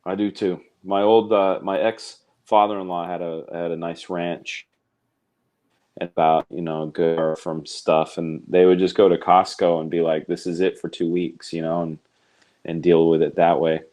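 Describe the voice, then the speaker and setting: A man hosting a casual interview, talking in a relaxed, rambling and self-deprecating way. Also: low voice, normal speed. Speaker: podcast host.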